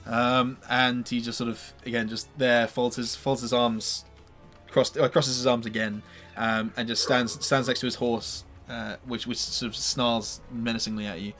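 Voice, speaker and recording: A man narrates as game master of a tabletop game, sounding hesitant with many fillers and restarts. His mid-range voice is fairly bright, moves little in pitch, and keeps a normal speed over soft background music.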